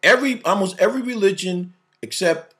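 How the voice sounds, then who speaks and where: High-voiced man ranting animatedly. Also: brisk. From family from the Southern US. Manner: animated, repeats words, acts out quotes, laughs often. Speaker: podcast co-host. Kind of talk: casual opinionated chat.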